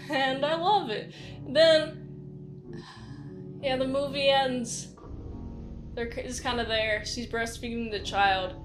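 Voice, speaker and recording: Woman film reviewer, high voice, unhurried delivery, rambling and giggly, faint music underneath. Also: a bit bright. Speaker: movie reviewer. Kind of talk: casual spoken movie recap.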